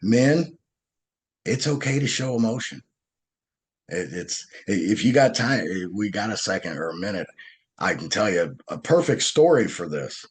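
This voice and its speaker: Earnest low-voiced storytelling man. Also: normal speed, slightly rough. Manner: earnest, animated, restarts sentences often. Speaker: podcast guest. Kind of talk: conversational storytelling.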